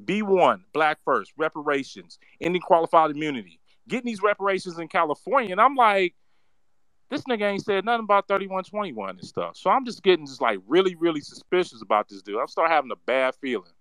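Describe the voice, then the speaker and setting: A man's voice: a little high, animated, fairly quick, fairly bright tone, dry recording. A man giving a profane, ranting commentary, heated and mocking, heavy on slang and cursing. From San Francisco Bay Area. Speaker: political commentator.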